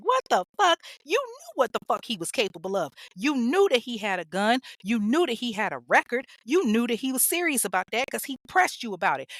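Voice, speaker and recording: Bright-voiced, profane woman podcast host. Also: a little high, dry recording. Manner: profane, blunt and scolding. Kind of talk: true crime podcast rant.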